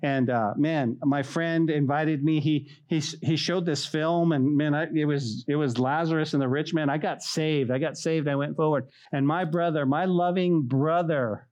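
A man's voice: fairly high pitch, moderate pace, few pauses. A man preaching a sermon as a pastor, telling stories and acting out mocking voices. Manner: animated, acts out mocking voices.

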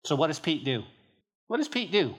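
A pastor from northern New Mexico preaching a sermon to his church in an animated, emphatic, conversational way. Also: a little high, normal speed, husky.

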